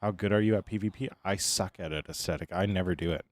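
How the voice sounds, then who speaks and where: A man streaming live, chatting casually and greeting viewers by name, tired and relaxed. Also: sits low, quick pace.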